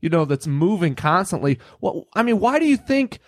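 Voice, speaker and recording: A man's voice: high-pitched, very animated, moderate pace, no room sound, clean studio sound. A man who is a pastor, talking earnestly and reflectively on a podcast. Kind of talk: podcast conversation.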